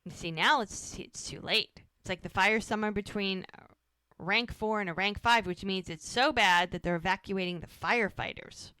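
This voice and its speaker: A woman co-hosting a podcast, recapping a TV episode in a lively, casual way and acting out the characters' lines. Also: mid-range voice, normal speed, clean tone, dry recording. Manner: animated retelling, acting out quoted lines. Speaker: podcast co-host.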